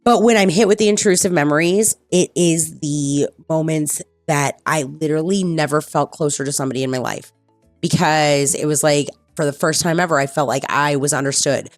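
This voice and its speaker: Blunt, candid woman streamer with a lowish voice. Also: normal speed, no room sound, faint music behind. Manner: candid and blunt, swears freely, emphatic repeats. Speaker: streamer host. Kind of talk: casual personal talk.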